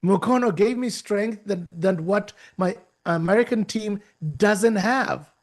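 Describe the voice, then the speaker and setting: A man from Uganda giving a lively, preacher-like motivational talk, often repeating his phrases. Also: high voice, measured pace. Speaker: speaker at a youth talk.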